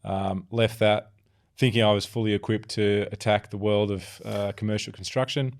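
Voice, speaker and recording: A man from Melbourne with an Australian accent, chatting as a podcast guest in a relaxed, self-deprecating way. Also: lowish voice, normal speed. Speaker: podcast guest, software founder. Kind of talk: casual interview chat.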